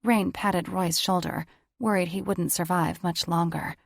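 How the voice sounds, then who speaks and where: A woman narrating a romance audiobook in an even, measured storytelling voice. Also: on the low side, vocal fry, no echo, clean studio sound.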